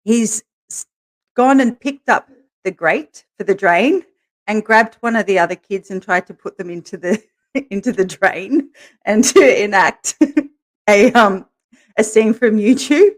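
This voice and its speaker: A woman's voice: medium pitch, a little slow, long pauses. Chatty woman telling a story. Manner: laughs through her stories, animated quoting. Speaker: podcast co-host, interviewed as guest. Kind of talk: candid conversational storytelling.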